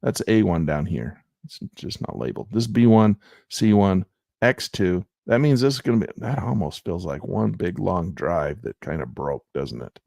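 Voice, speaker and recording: Gravelly, folksy man rambling over charts. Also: low voice, animated, normal speed, a little mellow, no room sound, clean studio sound. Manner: folksy and rambling, talks to himself. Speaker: stock options trader. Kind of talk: casual commentary over trading charts.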